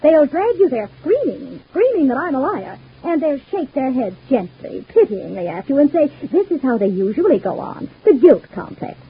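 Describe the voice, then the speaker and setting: An actress playing a scheming, cruel wife in an old-time radio soap, talking with cold, scornful menace. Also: female voice, high voice, big pitch swings, normal speed, hardly any pauses. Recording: husky lo-fi old radio broadcast.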